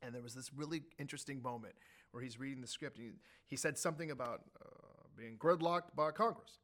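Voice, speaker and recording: A man telling an animated story as an interview guest, acting out what others said. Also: mid-range voice, fairly quick. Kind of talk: conversational anecdote telling.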